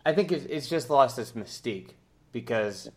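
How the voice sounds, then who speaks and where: Male co-host, mid-pitched, earnest and explanatory, casual podcast talk. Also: expressive, normal speed. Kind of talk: casual chat.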